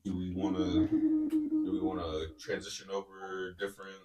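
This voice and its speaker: A man hosting a sports podcast in a relaxed, easygoing casual chat, reading out news as it comes in. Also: low voice, normal speed, lo-fi sound, slight background noise.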